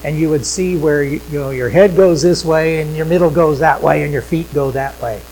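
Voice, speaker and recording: A male pastor preaching a sermon in a church, conversational, repeating phrases for emphasis and swinging between loud points and quiet asides. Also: on the high side, normal speed, a little hiss or hum, rough recording. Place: church sanctuary with projection screens.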